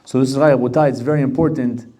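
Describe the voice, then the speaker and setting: A man's voice: mid-range voice, steady tone, very fast, mellow, recorded from a distance. A man giving a Torah class with storytelling, earnest and repeating words for emphasis.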